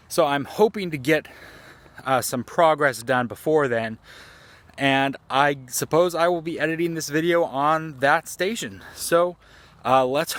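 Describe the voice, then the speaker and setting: A man's voice: mid-range voice, a bit bright. A man vlogging outdoors at dusk, talking into a phone held at arm's length in a chatty, rambling, self-deprecating way. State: a little out of breath. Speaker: gaming YouTuber. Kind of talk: casual vlog talk to camera. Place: outdoors at dusk, near trees.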